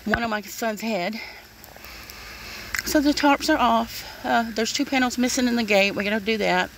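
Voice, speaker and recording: A woman's voice: on the high side, normal speed, fairly bright tone, a little hiss or hum, low-quality recording. A middle-aged woman, ranting bluntly and swearing in a casual outdoor vlog in the rain. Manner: upset, blunt, swears, says "honey" and "y'all". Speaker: vlogger. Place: outdoors in the rain by her yard.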